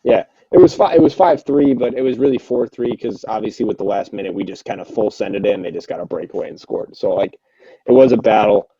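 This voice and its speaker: A young man talks in a very dark, mellow voice, rambling excitably and cursing as he restarts his sentences. The sound is dry and a little dull and lo-fi, like a home podcast mic. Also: fairly low pitch, brisk, husky, no echo. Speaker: podcast co-host. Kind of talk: casual podcast chat about an online hockey league.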